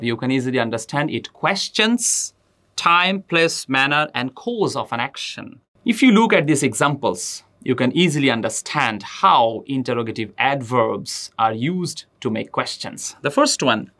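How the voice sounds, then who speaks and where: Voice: medium pitch, a bit bright. A teacher giving a grammar lesson, addressing students directly and repeating example sentences with emphasis. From Bangladesh. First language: Bengali.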